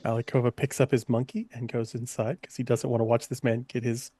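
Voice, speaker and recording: A man's voice: medium pitch, little pitch movement, a little fast, warm tone, no echo. Matter-of-fact man player. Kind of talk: tabletop play.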